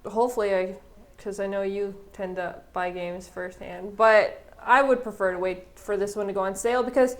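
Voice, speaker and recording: A woman's voice: medium pitch, steady tone, normal speed. A woman co-hosting a gaming podcast in casual chat, stammering into her points. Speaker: podcast co-host.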